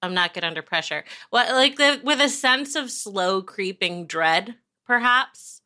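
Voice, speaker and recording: A woman guesting on a podcast speaks slowly and hesitantly, drawing out her words. Her voice is bright and clear. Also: mid-range voice, expressive. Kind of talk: casual chat.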